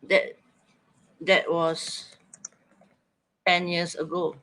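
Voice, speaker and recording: A man's voice: fairly high pitch, level tone, drawn-out words, sharp tone, poor audio. A man teaching an online writing lesson, coaxing students, thinking aloud and repeating their chat answers back.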